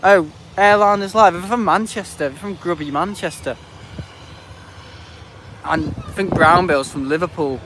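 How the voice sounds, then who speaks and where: Man, slightly high voice, rambling casual live-stream chat, outdoors, faint traffic noise behind. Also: unhurried, long pauses, a bit bright. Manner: rambling, chatty, laughs often, reads out chat. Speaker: planespotting livestreamer. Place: outdoors at an airport viewing park in the rain. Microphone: handheld tablet.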